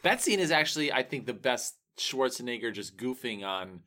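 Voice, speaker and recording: A man's voice: medium pitch, big pitch swings, moderate pace, bright, forceful tone. A man chatting casually as podcast co-host, agreeing and eagerly chiming in. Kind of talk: casual chat.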